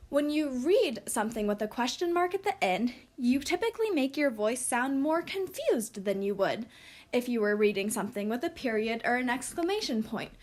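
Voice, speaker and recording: A woman teaching a recorded lesson, speaking slowly and clearly for young children. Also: fairly high pitch.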